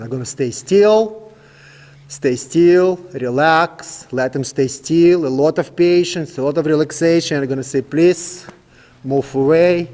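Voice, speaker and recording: Calm man coaching a horse, reverberant. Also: on the high side. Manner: calm, coaxing commands to a horse, in simple non-native English. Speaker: horse trainer. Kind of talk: instructional demonstration.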